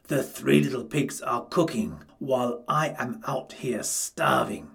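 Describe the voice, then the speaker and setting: A man reading a storybook aloud and voicing a hungry, scheming male wolf in a low, gruff growl. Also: unhurried, a bit bright, recorded from a distance. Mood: hungry, sulky.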